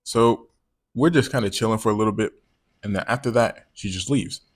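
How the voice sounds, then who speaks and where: A man with a fairly low voice tells a personal story straight to the camera. He talks loose and slangy, swears freely and stumbles over repeated words as he rambles on. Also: a little fast. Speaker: vlogger telling a personal story. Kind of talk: casual storytime monologue.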